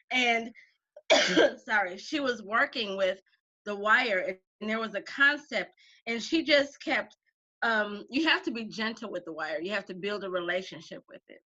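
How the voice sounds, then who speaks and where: A woman's voice: mid-range voice, measured pace, long pauses, dull audio. A woman who teaches a craft class, chatting as an interview guest and telling stories with acted-out quotes. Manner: animated storyteller, acts out quotes. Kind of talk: casual conversation.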